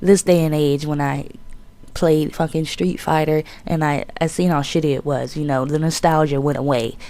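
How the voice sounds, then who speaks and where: A woman's voice: deep voice, moderate pace, no room sound. Profane young woman telling a story. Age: 20s. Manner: profane, animated storytelling with acted-out quotes. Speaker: YouTube gaming commentator. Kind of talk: casual storytelling vlog.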